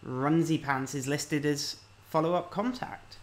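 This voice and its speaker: A man with a slightly higher-than-average voice talks his way through a video game. He reads the on-screen text aloud in a relaxed, offhand way and mutters his thoughts between lines. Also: a little slow. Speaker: let's-play host. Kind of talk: casual video game commentary.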